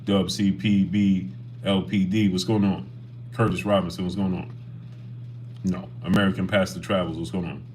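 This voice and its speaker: A man's voice: sits low, fairly even intonation, moderate pace, a little mellow, a little hiss or hum. A man hosting a casual boxing livestream, talking animatedly and greeting chat viewers by name.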